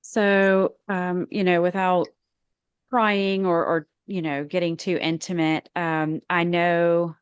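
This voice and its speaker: A woman hosting a podcast interview, asking gentle, supportive questions. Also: lowish voice, level tone, takes it slowly, clean tone, no echo, dull audio. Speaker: podcast host.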